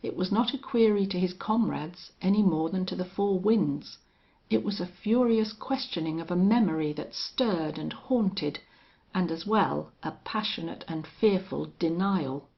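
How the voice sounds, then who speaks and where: A woman narrating an audiobook in a steady, unhurried way. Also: fairly low pitch, vocal fry. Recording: dull lo-fi audio.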